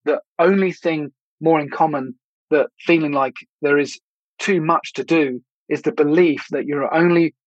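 Man, podcast host, slightly high, husky, reflective, conversational, dry lo-fi sound. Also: unhurried, no echo. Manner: reflective, conversational, with fillers and restarts. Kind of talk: solo podcast monologue. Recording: dull lo-fi dry recording.

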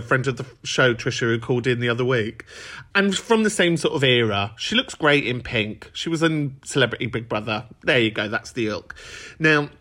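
A man's voice: fairly high pitch, sharp tone. A man hosting a podcast, chatting and joking in a camp, chatty way, with big laughs. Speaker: podcast host. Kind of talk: casual chat.

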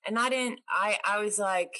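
A woman's voice: mid-range voice, normal speed, pushed and bright, low-quality recording. A woman from New York hosting a casual video call chat, bubbly and chatty, laughing often. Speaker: host.

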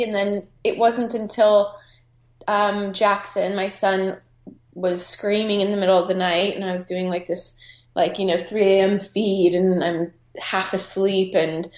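A woman photographer telling her story in a candid, chatty way, filling pauses with "you know". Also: medium pitch, roomy sound. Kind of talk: casual personal storytelling.

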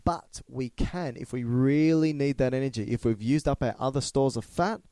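A man's voice: medium pitch, normal speed, mellow, clear, resonant tone, no room sound. A man, co-hosting a casual educational podcast, explaining and teasing playfully. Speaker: podcast co-host.

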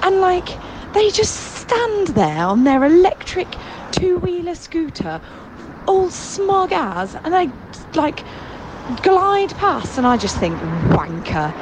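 Brit woman caller, sarcastic rant, animated, noisy street recording. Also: extremely high pitch, slow. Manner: sarcastic, ranting, swears. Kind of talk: ranting voice message. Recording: noisy with traffic behind.

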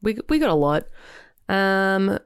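A woman's voice: mid-range voice, sing-song, slow, clean tone, no echo, clean studio sound. A woman co-hosting a casual album podcast, chatty and reading out fun facts with playful asides. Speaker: podcast co-host. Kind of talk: casual chat about albums.

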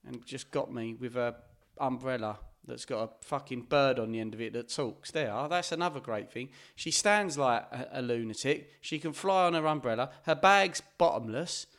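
A man's voice: mid-range voice, moderate pace, few pauses, a bit bright. A man, co-hosting a podcast, blunt and jokey as he argues about films, swearing freely. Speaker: podcast co-host. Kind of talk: casual banter about films.

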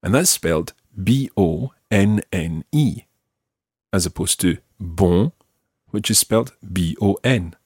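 Patient Scottish language teacher. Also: male voice, deep voice, lively intonation, darkish tone, dry recording, clean studio sound. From Scotland. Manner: clear, patient, repeats words slowly for the learner. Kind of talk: podcast language lesson.

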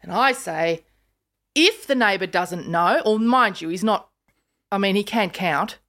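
Animated Australian woman in her fifties. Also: mid-range voice, unhurried. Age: 50s. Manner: animated storyteller, acts out voices in quotes. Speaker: podcast host. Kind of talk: casual chat.

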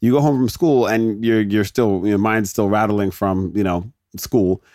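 A man's voice: fairly low pitch, steady tone, unhurried, a little mellow, no room sound, studio quality. A man in his thirties hosting a podcast, ranting casually and jokily, often interrupting himself. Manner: rambling, jokey, self-interrupting. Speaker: podcast host. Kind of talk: casual solo rant.

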